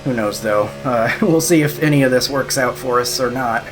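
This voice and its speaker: A man giving casual live commentary while sim racing from home, thinking aloud, a little out of breath, laughing softly at himself. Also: mid-range voice, normal speed. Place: room at home.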